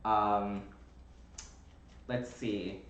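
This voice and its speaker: A man hosting a casual chat, rambling with lots of fillers and getting animated when he makes a point. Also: fairly low pitch, very slow, reverberant, dull audio. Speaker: host.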